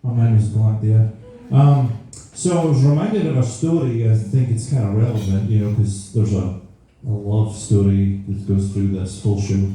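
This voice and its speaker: A man's voice: lowish voice, normal speed, few pauses, mellow, a little hiss or hum. Man doing stand-up in a roomy venue. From Scotland. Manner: rambling, self-interrupting storytelling. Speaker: stand-up comedian. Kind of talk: live stand-up routine. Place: live comedy venue. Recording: roomy live venue, mic far off.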